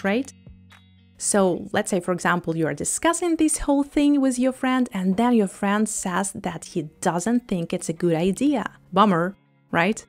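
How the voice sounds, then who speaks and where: A woman gives an English lesson in a mid-range voice, acting out short dialogues in a lively way and slowing down carefully to model sounds. Faint guitar music plays quietly behind her. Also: medium pitch. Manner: lively, acts out example dialogues; slows down to model pronunciation. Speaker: English teacher.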